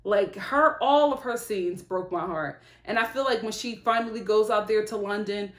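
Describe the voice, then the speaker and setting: A woman giving a casual, animated vlog review of a reality show, sympathetic and chatty. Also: mid-range voice, moderate pace, reverberant.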